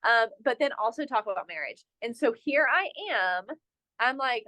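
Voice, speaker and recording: A young woman from North Carolina, a resort general manager, tells a story as a podcast guest in an animated, self-mocking way and fills her talk with "like.". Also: fairly high pitch, moderate pace. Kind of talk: casual interview storytelling.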